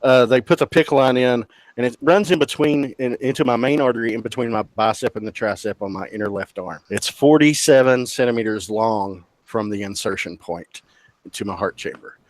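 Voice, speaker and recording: A man's voice: medium pitch, normal speed, dry recording. Profane, joking man telling a story. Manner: profane, self-mocking, stammers on restarts. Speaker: podcast guest. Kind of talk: casual storytelling.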